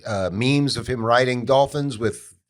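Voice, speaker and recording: A man co-hosting a podcast, talking bluntly with plenty of swearing and quick agreement. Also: mid-range voice. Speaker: podcast co-host. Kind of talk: casual chat.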